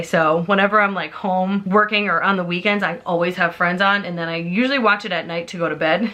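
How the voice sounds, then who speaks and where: A woman's voice: on the low side, sharp tone. A woman in her twenties, a book vlogger, ranting casually and heartfelt with lots of "like" and emphatic asides. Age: 20s. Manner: heartfelt, emphatic, heavy use of "like". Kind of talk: casual chatty rant.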